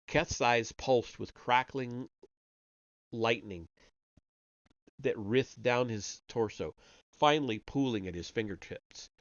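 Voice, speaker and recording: A man reads a story aloud for a live stream in a fairly low voice, voicing the characters only faintly and sometimes stumbling before correcting himself. The recording is dry, made on a dull, lo-fi home mic.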